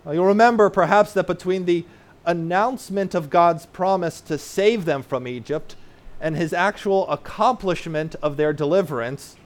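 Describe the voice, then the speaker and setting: A man preaching a sermon, explaining ideas plainly and often pausing with "uh" or checking in with "right?". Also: high-pitched. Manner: earnest teaching with frequent "uh" and tag "right?"; explains terms plainly for children in the congregation. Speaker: pastor.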